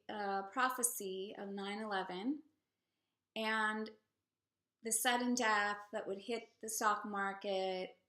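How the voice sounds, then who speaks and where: A woman teaching on prophecy, reading scripture aloud and adding halting, filler-laden commentary in a measured way. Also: on the high side, a bit bright. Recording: roomy echo.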